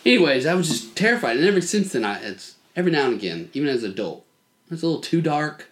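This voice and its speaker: A man co-hosts a casual podcast and tells a childhood story with animated energy. His voice sits a little high and swings widely in pitch as he acts out the people in it. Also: fast, slight background noise. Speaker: podcast co-host.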